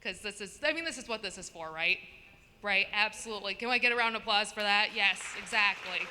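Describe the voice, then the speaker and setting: Bright-voiced woman doing stand-up. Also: medium pitch, a little fast, slight background noise. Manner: chatty, talks with the crowd. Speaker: stand-up comedian. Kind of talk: stand-up set. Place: comedy show venue. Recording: long reverb in a hall.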